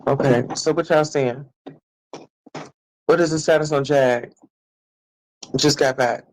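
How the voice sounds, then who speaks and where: This is a man talking to his live-stream viewers. His voice sits a bit on the high side. He delivers a sassy, brash rant full of cursing, stretching his taunts out in a teasing sing-song. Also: fairly even intonation, slow pace, poor audio.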